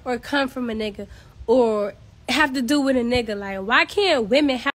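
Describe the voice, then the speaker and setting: A woman's voice: fairly high pitch, normal speed. A woman from Queens, ranting bluntly and with exasperation on a casual phone livestream from home. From Queens, New York. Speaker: social media personality.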